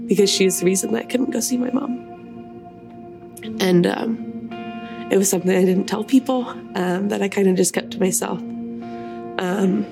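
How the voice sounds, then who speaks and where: A woman giving a personal testimony, speaking softly and reflectively with many pauses. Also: fairly low pitch, low-quality recording. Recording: music playing underneath. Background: guitar music.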